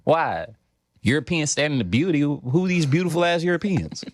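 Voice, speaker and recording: A man's voice: a little high, very animated, normal speed, no echo, clean studio sound. A young man with a New York accent, a comedian guest on a podcast who speaks in an emphatic, profane way. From New York City. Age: young adult. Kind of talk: casual podcast chat.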